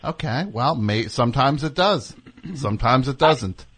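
A man's voice: mid-range voice, animated, a little slow, fairly bright tone, husky. A man hosting a radio show, bantering in a sarcastic, combative way with guests and callers. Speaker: host.

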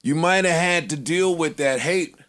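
A man's voice: on the high side, moderate pace, a bit bright. A man hosting a podcast in a casual chat, with playful interjections that sometimes turn into humming along. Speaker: podcast host.

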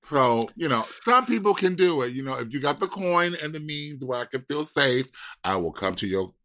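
A man's voice: mid-range voice, big pitch swings, moderate pace, bright, forceful tone, no echo. A man co-hosting a podcast in casual chat, laid-back and slangy, drawing his phrases out. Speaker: podcast co-host.

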